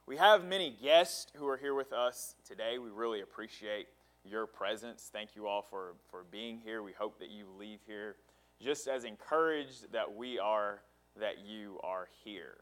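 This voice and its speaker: A man's voice: fairly low pitch, measured pace, fairly bright tone. A male pastor preaching a sermon, retelling a story dramatically and stressing words in emphatic lists.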